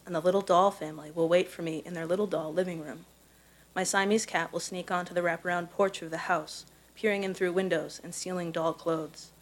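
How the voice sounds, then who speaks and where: Low-voiced woman reading her essay. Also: poor audio. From Missouri. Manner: measured, careful storytelling delivery. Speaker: contest winner reading her own prose. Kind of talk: reading a personal essay aloud. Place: live reading event.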